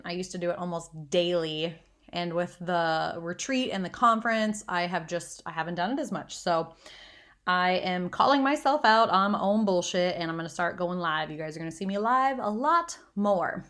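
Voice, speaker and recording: Speaking with a low-leaning, fairly bright voice, this thirtysomething confidence coach hosts her own solo podcast. Originally from Northwest Iowa in the Midwest, she's candid, swears casually, and pokes fun at herself.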